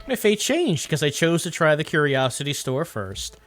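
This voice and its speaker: A man's voice: a little high, big pitch swings, moderate pace, fairly bright tone, faint music behind. A man streaming a video game, chatting casually and musing aloud as he reads game text.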